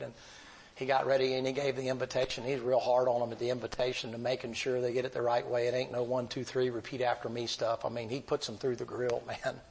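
Gravelly man telling a sermon story. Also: medium pitch, level tone, low-quality recording. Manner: folksy, drawn-out storytelling with "boy" and "man". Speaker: preacher.

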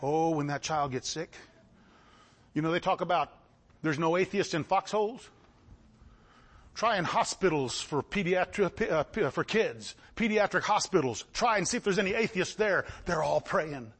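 A man preaching a sermon, swinging between shouted lines and low asides. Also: lively intonation, normal speed.

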